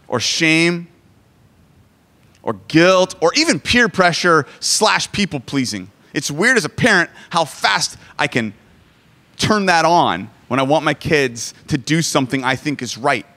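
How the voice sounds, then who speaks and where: A man's voice: fairly high pitch, bright, forceful tone. A man in his forties preaching a sermon, joking and self-deprecating as he talks. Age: 40s. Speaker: pastor.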